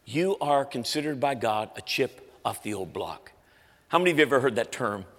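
A man preaching a story-driven sermon, animated and acting out the voices of people in his story. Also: mid-range voice, normal speed, in a large hall.

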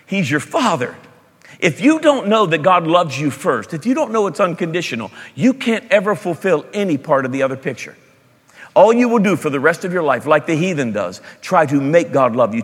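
Pastor, male, slightly high voice, animated sermon delivery, loud bursts and quiet asides, long reverb of a church hall. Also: husky. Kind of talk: sermon with storytelling.

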